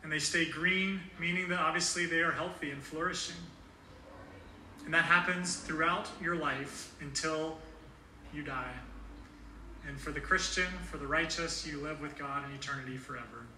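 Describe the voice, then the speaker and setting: A man's voice: fairly high pitch, steady tone, moderate pace, pushed and bright, a little hiss or hum. A man pastor giving a sermon in a church, earnest and conversational, with occasional fillers. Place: church sanctuary. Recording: echoey room heard from a distance.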